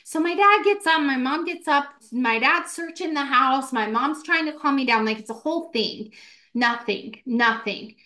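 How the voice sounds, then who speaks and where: Chatty young woman telling a ghost story. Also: high voice. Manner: animated, fast, many "like" fillers, acts out quotes. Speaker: podcast co-host. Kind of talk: casual storytelling.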